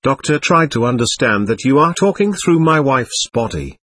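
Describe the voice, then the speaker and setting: A man reading the part of a patient doctor who questions and lectures a spirit in a séance record, with a husky voice. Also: mid-range voice, expressive, moderate pace, a bit bright, dry recording, studio quality. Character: calm, firm male doctor questioning a spirit. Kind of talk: reading a séance transcript aloud.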